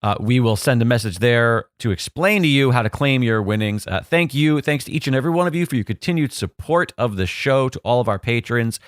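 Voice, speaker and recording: A man who produces a podcast, talking in a relaxed, casual way with frequent "uh" fillers. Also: medium pitch, brisk, few pauses, smooth, no room sound, studio quality. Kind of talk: casual chat.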